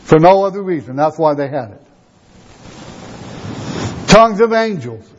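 High-voiced preacher with rhetorical questions. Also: male voice, expressive, unhurried, a little hiss or hum. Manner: rhetorical questions, emphatic teaching. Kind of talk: sermon. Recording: dull lo-fi recording.

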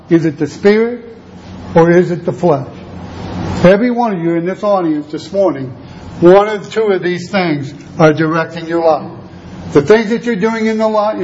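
A man's voice: high voice, darkish tone, muffled recording, a little hiss or hum. A man preaching a sermon to a congregation, with an emphatic, repetitive preaching cadence.

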